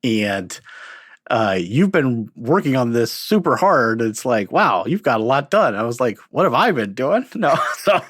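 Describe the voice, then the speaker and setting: A man's voice: medium pitch, very animated, unhurried, fairly bright tone, no echo, clean studio sound. A man hosting a podcast, speaking in an easygoing, casual way as he wraps up the show. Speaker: podcast host. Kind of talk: casual conversation.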